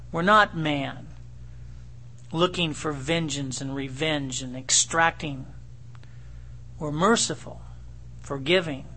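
A middle-aged male pastor preaching verse by verse. His voice sits high and carries a gravelly edge, and he reads the scripture with rising, pleading emphasis. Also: pushed and bright. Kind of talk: expository sermon.

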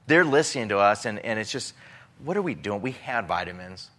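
A man's voice: mid-range voice, very animated, a little fast, fairly bright tone. A middle-aged man telling an emotional personal testimony about relief work, with many restarts and acted-out dialogue.

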